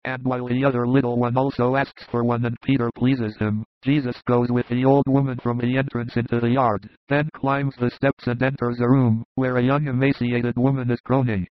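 A man reading a scripted story narration in an even, level way. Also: mid-range voice, normal speed, hardly any pauses, dry recording. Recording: dull, muffled sound.

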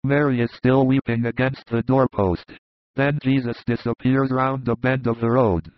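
A man narrating a devotional vision as an audiobook, in an even, solemn, unhurried manner. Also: mid-range voice, no room sound. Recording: dull dry close recording.

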